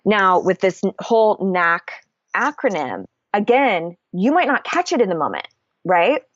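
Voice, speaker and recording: A woman's voice: mid-range voice, very animated, unhurried, a bit bright, no echo, dull audio. A woman coach talking candidly and casually in a podcast interview, swearing freely as she explains her method. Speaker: guest, confidence coach.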